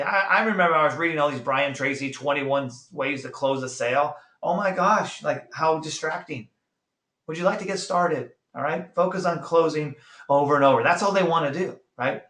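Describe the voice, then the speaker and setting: An energetic middle-aged man coaching a sales team, his voice sitting a little high for a man. He fires off rhetorical questions and acts out short quotes. The room around him rings with a roomy echo. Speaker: network marketing trainer. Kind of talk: motivational talk.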